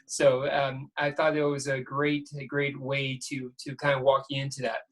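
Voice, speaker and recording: A man's voice: medium pitch, monotone, normal speed. A man co-hosting a casual podcast chat, rambling and hesitant. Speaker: podcast co-host.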